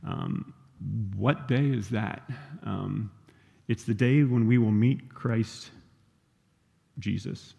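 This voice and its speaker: A man preaching a sermon in a relaxed, conversational way, often asking "right?" as he teaches. His voice sits low, with a mellow, gravelly tone. The long reverb of a hall rings behind him. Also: lo-fi sound.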